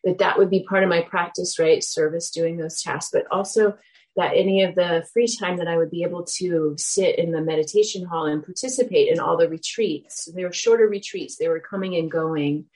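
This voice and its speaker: A woman giving a dharma talk, telling a personal story in a reflective, animated way. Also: fairly low pitch, moderate pace, poor audio.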